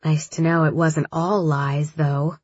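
A woman voicing a gentle, wistful young woman who speaks softly and reflectively. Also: deep voice, flat delivery, slow pace, slightly rough, no echo, muffled recording, exaggerated voice.

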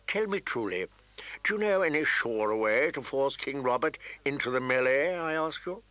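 Man voicing a male eunuch spymaster, courtly, sly, soft and measured, thin sharp edge, bright tone, dry sound. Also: medium pitch, animated, no echo. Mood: sharp urgent. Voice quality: soft, smooth tones turning thin and sharp. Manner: polite, measured and insinuating.

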